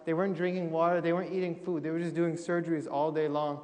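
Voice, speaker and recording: A young missionary speaker with a fairly high, slightly mellow voice talks fast and in a level tone, giving a testimony to a congregation. He tells funny stories from his mission work, acting out the quotes, while the church sanctuary adds a long echo.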